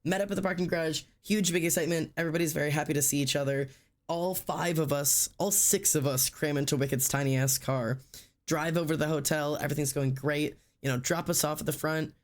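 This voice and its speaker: A male streamer with a fairly high pitch and steady tone tells a story in casual chat at a slightly fast clip. He rambles, leans on lots of fillers, and acts out what people said.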